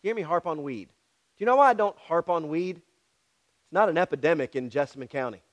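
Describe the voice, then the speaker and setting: High-voiced, blunt preaching man. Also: lively intonation, a little fast. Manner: direct, repetitive and challenging, talks to the congregation. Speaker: pastor. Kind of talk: sermon.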